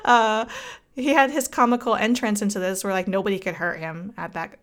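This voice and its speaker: A woman's voice: mid-range voice, fairly even intonation, a little fast. A woman co-hosting a casual anime podcast, chatty with many fillers and frequent laughs. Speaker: podcast co-host. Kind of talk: casual chat about anime.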